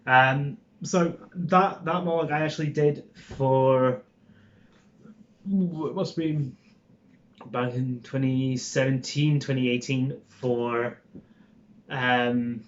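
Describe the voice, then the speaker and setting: A man's voice: mid-range voice, fairly even intonation, takes it slowly, dull audio. A young Scottish man with a Scottish accent, chatting casually to camera in a rambling, informal way, with lots of ums and swearing. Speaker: vlogger.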